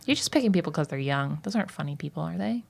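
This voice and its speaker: A woman's voice: sits low, animated, racing, gravelly, darkish tone. A woman chatting casually as a podcast guest, enthusiastic and wry. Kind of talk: casual chat.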